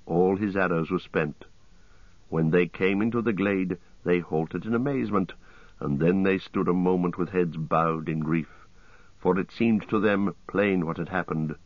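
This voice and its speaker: A man narrating a story audiobook in a measured, steady way. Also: low-pitched, no room sound, dull audio.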